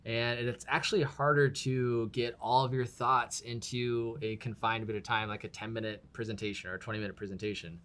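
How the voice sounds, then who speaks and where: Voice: medium pitch, fairly even intonation, fairly quick, hardly any pauses, a bit bright. Easygoing casual host. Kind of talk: casual chat.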